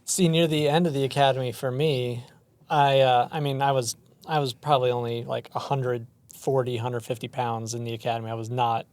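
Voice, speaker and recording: A man's voice: mid-range voice, little pitch movement, a little fast, a little mellow. A man hosting a casual podcast, telling a self-deprecating story about his training days. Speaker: podcast host.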